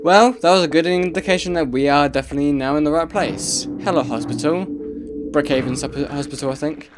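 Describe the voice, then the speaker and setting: A man giving casual gameplay commentary, reacting out loud and muttering to himself as he plays. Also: a little high, brisk, music in the background. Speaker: let's play gamer.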